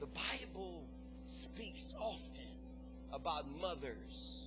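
A man's voice: fairly high pitch, very animated, takes it slowly, over music, low-quality recording. A man preaching an impassioned sermon to his congregation, calling out to the listeners. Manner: impassioned preaching, call-and-response. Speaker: pastor.

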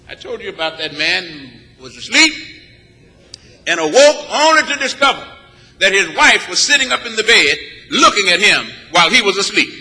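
A preacher from Texas delivering a sermon in a church, speaking in a rhythmic, emphatic style with many repeated phrases. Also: male voice, high-pitched, lively intonation, moderate pace, pushed and bright. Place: church sanctuary. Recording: long reverb of a large church. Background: congregation answering back.

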